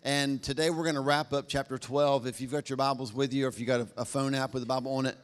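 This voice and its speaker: A man preaching a sermon, talking fast and conversationally with a self-deprecating humor. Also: medium pitch, steady tone, clean tone. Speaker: pastor.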